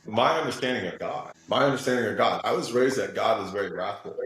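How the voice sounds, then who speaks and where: A man's voice: lowish voice, fast, a bit bright, a little hiss or hum. Emphatic man in an echoey room. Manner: earnest, emphatic, keeps checking in with "right?". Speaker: guest. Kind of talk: spiritual interview talk.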